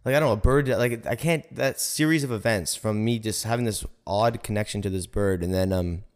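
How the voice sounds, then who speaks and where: A man's voice: lowish voice, fairly quick. A man guest on a podcast, telling a personal story in a rambling way, full of "like" and "right?". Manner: rambling, heavy use of "like" and "right?".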